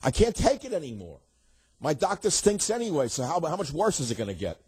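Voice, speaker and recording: An older man rants his way through a talk radio monologue, sarcastic and scornful. His voice is a little husky. It sounds dry and close, with no room around it. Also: a little high, very animated, fairly quick, darkish tone, no echo. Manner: ranting, sarcastic.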